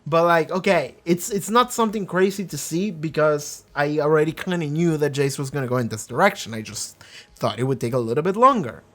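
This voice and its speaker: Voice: medium pitch, a little fast, fairly bright tone. A reaction channel host in a casual episode discussion, rambling with lots of filler, swearing freely, and briefly acting out characters' lines.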